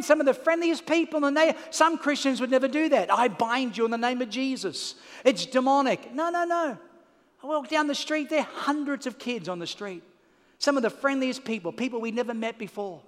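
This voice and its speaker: A man's voice: very high-pitched, fairly bright tone, in a large hall. A man with an Australian accent preaching a televised sermon as pastor, calling for amens and joking at his own expense. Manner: preaching with call-and-response and self-mocking jokes.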